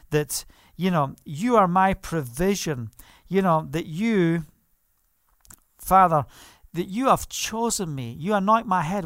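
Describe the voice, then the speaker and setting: A man's voice: on the high side, a bit bright, no echo, clean studio sound. A man preaching a sermon, fervent, asking the listeners questions and laughing now and then. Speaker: pastor.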